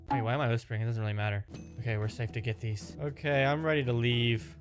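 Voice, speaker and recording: A young man giving jokey, excitable commentary over his own game footage, with quick exclamations. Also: mid-range voice. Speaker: gaming YouTuber. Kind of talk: Minecraft gameplay commentary. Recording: voice-over with music behind.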